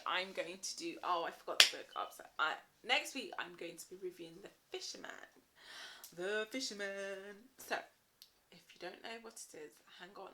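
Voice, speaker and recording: A woman's voice: mid-range voice, sharp tone, a little hiss or hum. A young woman vlogging casually to camera about books, in a playful, teasing, chatty way. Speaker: book vlogger.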